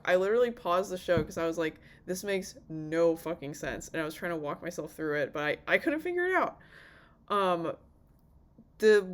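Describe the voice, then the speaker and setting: A young woman giving an off-the-cuff review in a rambling, swearing, animated way, acting out the characters' lines. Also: medium pitch. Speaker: vlogger reviewing a TV series.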